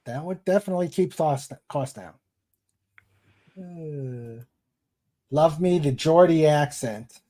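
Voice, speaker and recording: A man hosting a casual livestream, chatting and reading viewer comments aloud in an unhurried way. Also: fairly high pitch, dark tone. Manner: unhurried, chatty, laughs at jokes. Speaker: livestream host.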